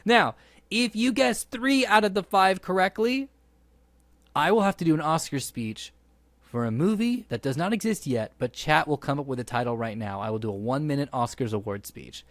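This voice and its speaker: A man hosting a casual podcast, playful and quick-witted, hyping up a game like a game-show host. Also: on the high side, expressive, dry recording.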